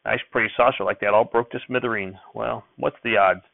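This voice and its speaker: A man voicing a fussy, excitable old rural grandfather who talks in a folksy backwoods dialect and breaks into sharp scolding. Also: lowish voice, brisk, gravelly, no room sound. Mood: chatty. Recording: dry, thin phone-like sound.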